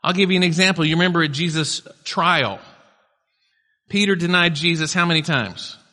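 A man's voice: on the high side, normal speed, sharp tone. A male pastor preaching a sermon in a conversational style, with casual asides to the congregation. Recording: long hall reverb.

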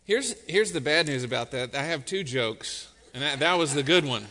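A pastor delivers a relaxed, joking sermon in a church sanctuary. His voice is fairly high and ringing bright, and the sound carries a long reverb through the hall. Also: normal speed, slight background noise. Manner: conversational, joking.

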